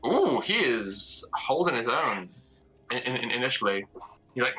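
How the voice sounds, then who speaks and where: A man's voice: medium pitch, sing-song, unhurried, pushed and bright, husky, faint music behind, poor audio. A man narrating a tabletop game as game master, casual and stammering.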